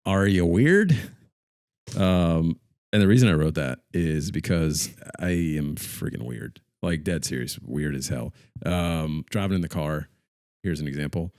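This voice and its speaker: A man co-hosting a podcast, chatting casually in a joking, animated way with casual swearing. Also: very deep voice, normal speed, no echo, studio quality. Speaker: podcast co-host. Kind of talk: casual chat.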